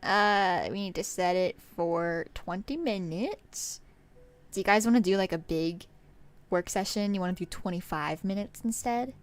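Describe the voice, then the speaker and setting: A woman streamer chatting casually to her viewers on a work-along stream, bubbly and quick to giggle. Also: medium pitch, clear, resonant tone.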